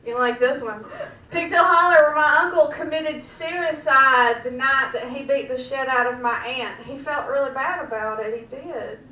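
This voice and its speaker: A woman with a Southern US accent doing a stand-up set, telling dark jokes in a deadpan drawl in the back room of a restaurant. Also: high-pitched, moderate pace, few pauses, slight background noise. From Georgia, US. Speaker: stand-up comedian. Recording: echoey room, mic heard from far off.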